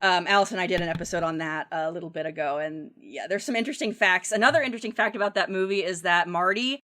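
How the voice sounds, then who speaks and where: A woman's voice: lowish voice, fast talker, fairly bright tone. A woman appearing as a guest podcaster, chatting casually about a film and sharing fun facts with frequent fillers and laughter. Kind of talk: casual movie discussion.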